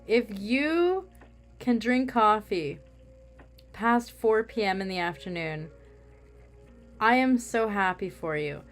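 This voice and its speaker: A woman's voice: mid-range voice, animated, takes it slowly, long pauses, soft background music. A woman craft vlogger chatting casually while she works, rambling with self-mocking humor.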